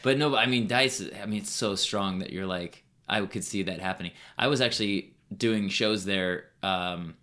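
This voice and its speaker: Comedian guest: man with a deep, bright voice who rambles through stories on a podcast. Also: normal speed, hardly any pauses. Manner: rambling storyteller, many fillers. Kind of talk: casual podcast chat.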